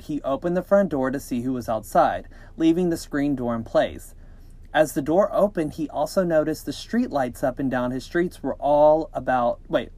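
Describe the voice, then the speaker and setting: A male podcast co-host reads creepy encounter stories in a mid-pitched, everyday voice. He keeps stepping out of the text for cheeky, joking asides, and his reading stays lively and casual. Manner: jokey, animated, breaks into laughter and cheeky asides.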